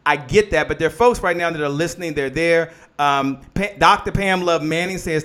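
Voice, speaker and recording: A man's voice: on the high side, normal speed, hardly any pauses, fairly bright tone, clean tone. A man hosting a live motivational business show, preaching in call-and-response and greeting viewers by name. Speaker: host.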